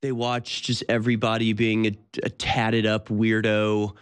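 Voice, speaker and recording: A man's voice: fairly low pitch, little pitch movement, measured pace, clear, resonant tone. A man in his thirties hosting a talk show, delivering a sardonic, incredulous monologue with frequent laughs. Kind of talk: casual monologue.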